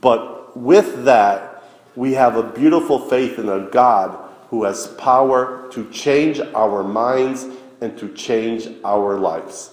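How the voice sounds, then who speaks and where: A man preaching a sermon as a priest, earnest and deliberate with long pauses. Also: medium pitch. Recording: echoey church hall.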